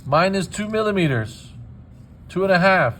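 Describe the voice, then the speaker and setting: Chatty, lively male dental technician. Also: sits high, moderate pace, a little hiss or hum. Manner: joking, chatty asides. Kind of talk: hands-on demonstration. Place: dental laboratory.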